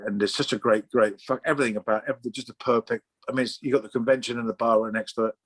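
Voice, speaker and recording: A man's voice: mid-range voice, fairly even intonation, very fast, fairly bright tone, no room sound. A middle-aged man from Oxfordshire, a comic artist chatting as an interview guest, rambling and swearing freely with many restarts. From Oxfordshire, England. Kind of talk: casual interview chat.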